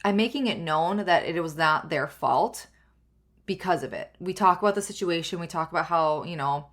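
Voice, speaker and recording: A woman's voice: on the low side, moderate pace, a bit bright. A young adult woman hosting a solo podcast, talking earnestly in a rambling way with many fillers and restarts. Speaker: podcast host.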